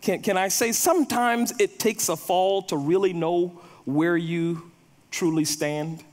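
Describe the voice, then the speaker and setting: Male pastor, sermon, storytelling delivery with repeated words, high voice, echoey hall. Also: steady tone, unhurried. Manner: storytelling, repeats words when building a point.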